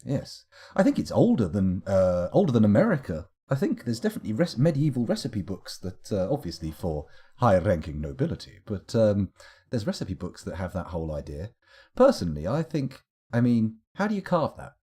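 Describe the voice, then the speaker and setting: Guy rambling wry over a game stream, lively up and down, kinda husky. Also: fairly low pitch, normal speed. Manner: rambling, wry, self-correcting musings. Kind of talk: live game commentary.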